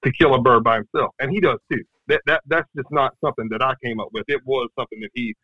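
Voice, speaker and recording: A man's voice: mid-range voice, quick pace. A man, telling a hunting story in a casual, rambling way, with lots of fillers and restarts. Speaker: guest. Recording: dull lo-fi sound.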